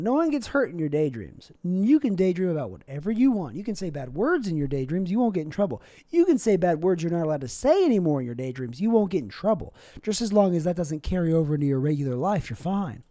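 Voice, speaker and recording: A young man rambles through a deadpan comedic monologue, his pitch jumping around a lot as he goes. The tone is warm and mellow, and the recording is dry and close with no room sound. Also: quick pace, few pauses, dry recording. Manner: deadpan, rambling, absurd asides. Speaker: comedic vlogger.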